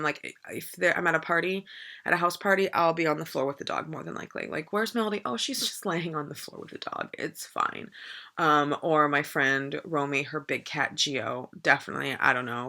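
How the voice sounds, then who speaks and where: A woman's voice: low-pitched, pushed and bright. A woman in her thirties chatting to camera in a rambling, enthusiastic way. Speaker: vlogger. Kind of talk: casual chat to camera.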